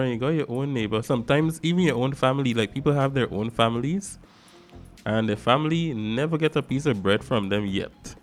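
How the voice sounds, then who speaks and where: A man from Guyana with a Guyanese accent, hosting a casual talk-show monologue in an animated, emphatic way, swinging between loud stresses and soft asides. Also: mid-range voice, fairly quick, soft background music. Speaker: radio show host.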